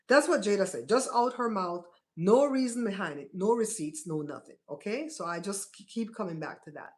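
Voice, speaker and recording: A woman's voice: medium pitch, expressive, moderate pace, hardly any pauses. Woman live-stream host, chatty and conversational, mid-range voice. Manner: chatty, talks straight to her chat with many "right?" asides. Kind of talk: casual live-stream chat.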